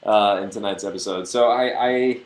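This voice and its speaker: A young man with a low voice chats casually, answering fan questions. He rambles and halts, cracking jokes as he goes. The room around him sounds echoey. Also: slight background noise. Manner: rambling, halting, joking. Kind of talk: casual livestream chat.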